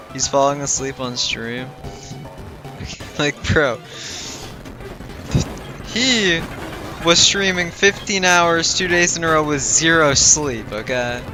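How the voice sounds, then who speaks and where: Game music plays behind a young man's slightly high voice as he streams, speaking slowly with long pauses. Worn out and yawning, he muses aloud in a meandering way, filling the casual chat with lots of fillers.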